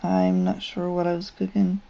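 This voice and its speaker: A woman's voice: lowish voice, little pitch movement, normal speed, gravelly, dark tone. A woman vlogger telling a personal story in a casual, rambling way, with frequent ums and restarts. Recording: dull lo-fi recording.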